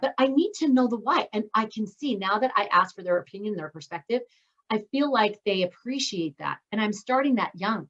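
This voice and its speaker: A woman's voice: a little high, lively intonation, brisk, fairly bright tone. Chatty upbeat middle-aged woman, lo-fi. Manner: chatty and upbeat, acts out her own quotes. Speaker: host. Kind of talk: casual faith-based parenting talk. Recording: dull lo-fi sound.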